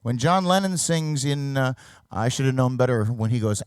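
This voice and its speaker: A middle-aged man from Canada, a singer giving a reflective stage talk, now and then singing or shouting a line to demonstrate. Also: mid-range voice, expressive, normal speed, smooth, no echo, clean studio sound.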